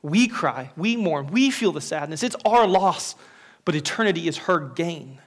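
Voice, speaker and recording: A man's voice: on the high side, expressive, unhurried. A man giving a funeral sermon as pastor, earnest and searching, often restarting his words and sometimes dropping to a whisper.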